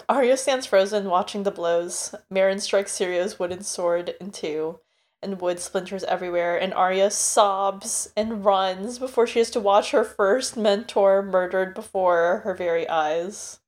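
A woman's voice: mid-range voice, steady tone, measured pace. A woman co-hosting a casual book podcast, talking in a loose, filler-heavy way. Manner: chatty, filler-heavy, laughs along. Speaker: podcast co-host.

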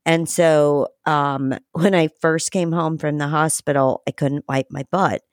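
Low-voiced frank woman host, dry. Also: fairly even intonation, unhurried, dry recording. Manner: frank and chatty, swears casually. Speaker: podcast host. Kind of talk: casual podcast chat.

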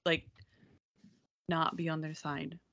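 A woman's voice: low voice, little pitch movement, slow pace, a bit bright. A woman co-hosting a casual podcast movie review, acting out scenes expressively as she retells them. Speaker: podcast co-host. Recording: slightly dull lo-fi sound.

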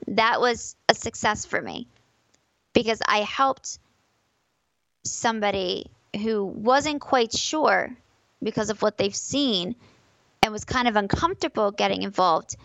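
A woman's voice: mid-range voice, lively intonation, a little slow, vocal fry, a bit bright, no room sound, rough recording. A woman talks as a podcast guest, pressing her points with emphasis and repeating phrases for weight. She is recorded close and dry, with no room sound. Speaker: podcast guest, competitive fighting game player. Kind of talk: casual podcast conversation.

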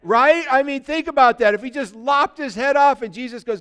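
A man preaching a Good Friday sermon, retelling the story with animated, humorous asides. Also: extremely high pitch, normal speed, hardly any pauses, clean tone. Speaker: pastor.

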